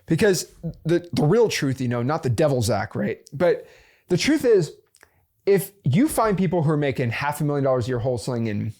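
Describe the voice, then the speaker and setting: A man talking straight to camera about business in a casual motivational style, his pitch swinging widely as he makes his points. He plays devil's advocate, leans on fillers like "right?" and restarts his sentences mid-thought. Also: sing-song, a little fast, darkish tone. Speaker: host of a real estate investing channel.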